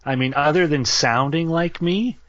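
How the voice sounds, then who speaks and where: A man's voice: a little high, normal speed, fairly bright tone, no room sound. Nasal man, podcast co-host, dry close sound, slightly dull lo-fi. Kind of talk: casual sports chat.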